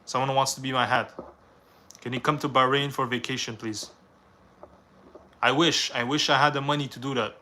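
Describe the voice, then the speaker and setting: Young guy on a live stream, reads chat questions then rambles his takes, tense bright voice. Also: medium pitch, steady tone, moderate pace, long pauses. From Canada. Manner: reads viewer questions aloud, then answers with rambling opinions.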